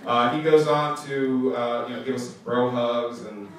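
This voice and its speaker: A man in his thirties telling stories to students in a casual talk, animated and laughing often as he goes. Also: medium pitch, unhurried, heavy background noise. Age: 30s. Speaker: guest speaker. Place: school auditorium. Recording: echoey hall, voice picked up from far off.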